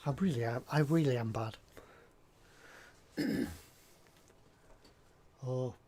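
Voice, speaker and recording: A man's voice: medium pitch, slow, dark tone, a little hiss or hum. A man chatting casually and jokily at his hobby workbench while he works on a model, often drifting off topic. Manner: rambling and jokey, drifts off topic. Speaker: scale model builder.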